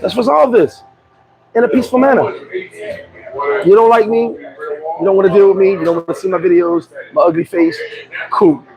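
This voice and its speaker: Male vlogger, high pitch, animated and joking rant, street crowd audible behind. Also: normal speed, pauses often, dull audio. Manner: animated, joking, swears freely. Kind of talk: casual rant to camera.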